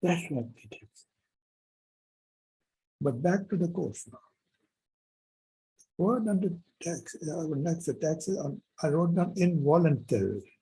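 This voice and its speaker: Man, university professor, very husky and dark-toned, lively up-and-down delivery, emphatic storyteller. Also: fairly high pitch, takes it slowly, pauses often, poor audio. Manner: animated, emphatic storytelling with repetitions. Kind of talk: university lecture with personal anecdote.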